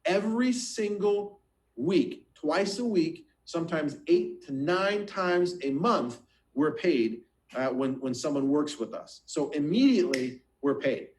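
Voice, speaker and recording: Energetic man giving a sales pitch. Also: a little slow, slight background noise, poor audio. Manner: energetic, talks straight to the listener with rhetorical questions; acts out quoted voices, repeats words. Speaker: financial business recruiter.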